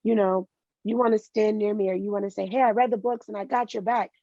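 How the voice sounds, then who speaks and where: A woman's voice: mid-range voice, fairly even intonation, fast talker, warm tone, no echo, dull audio. A woman guest in an interview, speaking candidly and telling personal stories, animating other people's words as she quotes them. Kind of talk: interview conversation.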